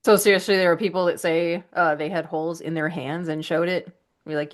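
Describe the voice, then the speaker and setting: A woman co-hosting a casual podcast who talks bluntly and cracks crude jokes. Her voice sits somewhat low. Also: fairly even intonation, a little fast. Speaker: podcast co-host.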